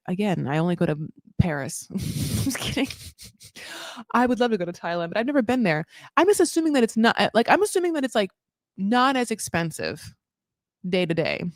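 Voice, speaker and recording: A woman's voice: fairly high pitch, a little mellow, no room sound, clean studio sound. A woman hosting a casual reality TV recap. She talks in a sarcastic, rambling way, swears freely and says "like" a lot. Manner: sarcastic, rambling, profane, lots of "like". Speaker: host of a reality TV recap channel. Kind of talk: casual live recap commentary.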